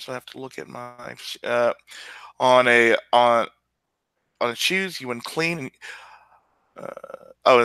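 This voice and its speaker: A man plays a tabletop game, talking casually and hesitantly. His voice is bright and crisp, recorded dry and close. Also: medium pitch, no room sound. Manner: hesitant, full of fillers. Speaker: player.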